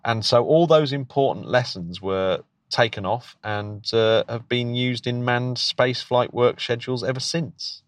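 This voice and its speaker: Here the British co-host and teacher speaks at a medium pitch, a little slowly and with few pauses, in a dry recording. He's enthusiastic in casual conversation, stumbling into restarts and often laughing.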